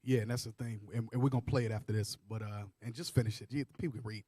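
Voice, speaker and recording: A man's voice: medium pitch, fairly even intonation, rapid-fire, dark tone, dry recording, studio quality. A man with a Southern US accent hosting a casual group discussion, joking and laid-back. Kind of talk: casual group discussion, reading clips aloud.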